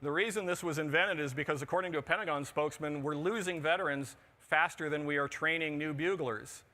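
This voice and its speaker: A man with a bright, forceful voice pitched a little high, presenting at a conference. He delivers his talk with dry, joking asides. He sounds middle-aged. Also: a little fast. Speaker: conference speaker. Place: conference pavilion on a show floor.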